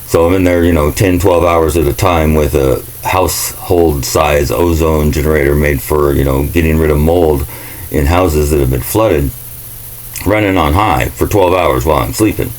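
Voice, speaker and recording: A man's voice: rumbling low, moderate pace, rough recording. A man ranting in a casual, profane and sarcastic monologue vlog. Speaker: vlogger.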